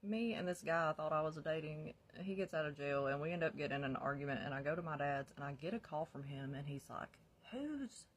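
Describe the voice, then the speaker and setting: A woman's voice: deep voice, fairly even intonation, fast, hardly any pauses. A woman casually telling her own life story, candid and blunt, swearing freely and laughing often. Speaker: vlogger sharing her recovery story.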